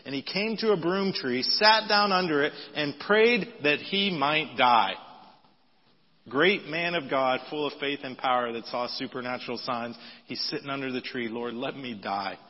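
A man preaching a sermon in a conversational style, reading scripture aloud with lively emphasis. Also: fairly high pitch, moderate pace. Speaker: pastor. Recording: dull audio with long hall reverb.

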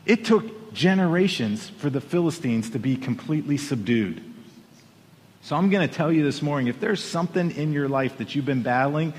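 A pastor preaching a Sunday sermon from a riser in church, telling a story in an animated way and pushing his voice up for emphasis. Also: fairly high pitch, moderate pace. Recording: long hall reverb.

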